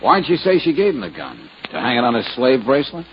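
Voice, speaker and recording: A man's voice: medium pitch, huge pitch swings. A breezy, wisecracking private eye whose voice leaps up and down as he jokes. He sounds like an old radio drama, dull in tone with a faint hiss underneath. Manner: quick sarcastic quips. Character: wisecracking male private detective, breezy and sardonic. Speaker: detective lead. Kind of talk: 1940s radio acting. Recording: hissy 1940s radio broadcast.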